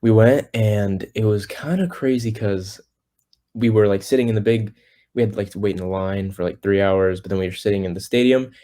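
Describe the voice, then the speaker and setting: Here the same kind of teen singer on a podcast tells his story loosely, full of fillers and false starts, imitating the people he quotes in a casual interview. His voice is lowish and warm, and he talks briskly.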